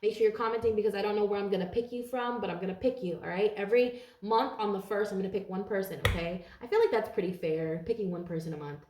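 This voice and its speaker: A woman's voice: mid-range voice, fast talker, hardly any pauses, noisy background. A woman giving a casual tarot reading to her viewers, blunt and profane, rambling with lots of fillers. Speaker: tarot reader. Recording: roomy echo.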